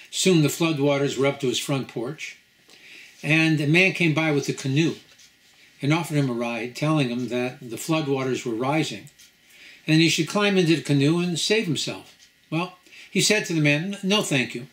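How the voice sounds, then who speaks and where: A man delivers a sermon-style lecture as a rabbi speaking to guests in a home. His voice sits a little higher than usual, and he tells his story in a measured way, pausing between phrases. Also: a bit bright. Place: home gathering.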